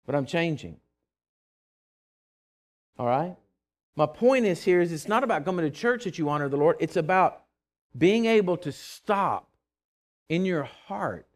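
A man preaches a sermon in a slightly raised pitch. He tells his stories with emphasis, moving between loud, declaring bursts and softer asides. He often stumbles and restarts his words. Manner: frequent stammered restarts. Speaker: pastor.

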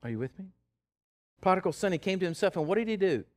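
A man with a slightly high voice delivers a sermon at a fast clip. He's animated, his pitch leaping up and dropping low, and he stammers on repeated words while chuckling along the way.

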